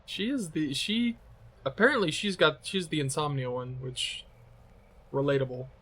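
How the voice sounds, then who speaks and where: A man's voice: fairly high pitch, moderate pace, a bit bright. A man live-streaming a video game, rambling and self-deprecating as he comments and laughs. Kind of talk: casual gameplay commentary.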